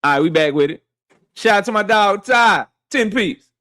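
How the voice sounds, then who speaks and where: A man's voice: high-pitched, lively intonation, normal speed, bright, forceful tone, no room sound, clean studio sound. A man hosting a boxing livestream, casually greeting chat members one by one in a slangy, playful way.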